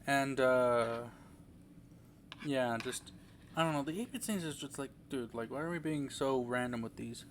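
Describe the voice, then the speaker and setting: A man's voice: mid-range voice, measured pace, slight background noise. A young man giving a casual, rambling movie review, full of fillers and restarts.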